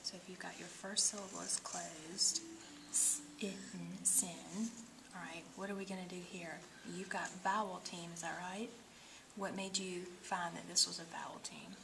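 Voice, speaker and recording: A woman teaching phonics one-on-one, patiently sounding out syllables and often dropping to a soft whisper. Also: lowish voice, fairly even intonation, normal speed, gravelly, background noise. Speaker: reading teacher.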